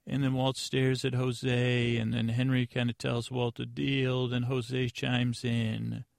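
A man hosting a podcast, giving a rambling, deadpan comedic recap of an episode with lots of fillers and restarts. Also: medium pitch, takes it slowly, vocal fry, dry recording, clean studio sound. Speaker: podcast host.

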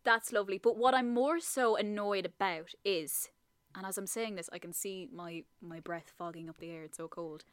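A woman, co-hosting a podcast and telling stories in casual, animated chat. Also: mid-range voice, normal speed, no room sound, clean studio sound. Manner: chatty, animated storytelling with swearing.

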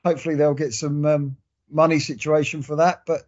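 A man's voice: a little high, level tone, a little fast, a little mellow, lo-fi sound. A man co-hosting a casual football podcast. He rambles and circles back with restarts and fillers. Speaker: podcast co-host. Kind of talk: casual sports chat.

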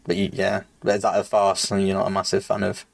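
A man co-hosting a film podcast in relaxed, agreeable casual chat with quick asides. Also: sits low, creaky. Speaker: podcast co-host.

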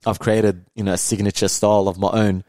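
A young Australian man chatting on a podcast in a low, easygoing voice. He is slangy and laid-back, and slips into little acted-out quotes of friends. The sound is close and dry. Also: level tone, fairly quick, dark tone, no room sound. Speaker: podcast guest, content creator. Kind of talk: casual podcast chat.

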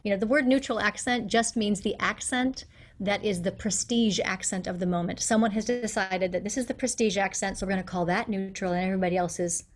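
A middle-aged woman, a guest accent coach, talks in a casual interview with an animated, explanatory manner. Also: medium pitch, brisk. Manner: animated, explanatory, acts out quotes.

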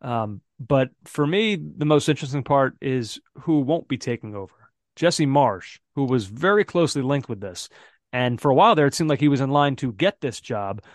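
A man's voice: medium pitch, expressive, moderate pace, dry recording, studio quality. A man co-hosting a casual football podcast, thinking aloud with lots of fillers and restarts. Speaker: podcast co-host.

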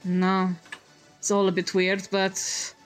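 Gentle giant goliath guy, a woman playing him, rambly and fumbly, mid pitch, soft music under. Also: completely flat delivery, slow pace, smooth, close to an everyday voice. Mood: flustered. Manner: rambling, self-correcting, laughs easily. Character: huge gentle male Goliath warrior.

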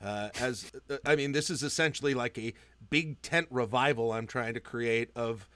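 A man's voice: mid-range voice, normal speed, fairly bright tone, no room sound. A man co-hosting a casual sports podcast, teasing his partner and making his case like a mock-preacher. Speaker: podcast co-host.

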